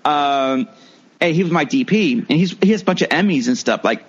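A man tells loose, profane stories in casual chat, stacking filler words as he goes. His voice sits a little high. The recording is dull and lo-fi. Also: animated, brisk, breathy edge. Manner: rambling storyteller, heavy filler words and profanity. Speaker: guest, comedian and filmmaker. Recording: muffled lo-fi recording.

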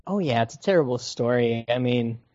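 A man's voice: medium pitch, animated, brisk, darkish tone, no echo. A man in his twenties chatting casually about a movie, rambling and joking with frequent laughter. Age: 20s. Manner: rambling, jokey, laughs often. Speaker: podcast co-host. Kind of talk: casual movie review chat. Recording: dull lo-fi sound.

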